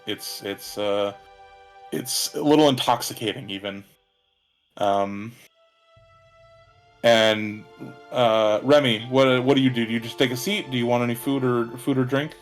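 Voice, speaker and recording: A man narrating as game master, halting, with many ums and restarts. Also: medium pitch, steady tone, soft background music.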